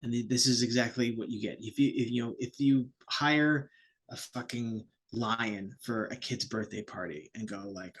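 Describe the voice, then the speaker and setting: A man's voice: mid-range voice, expressive, moderate pace, gravelly, fairly bright tone, breathy edge. A man who is a podcast guest, talking casually and heatedly and swearing freely. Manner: heated, sweary, puts on voices when quoting. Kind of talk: casual chat.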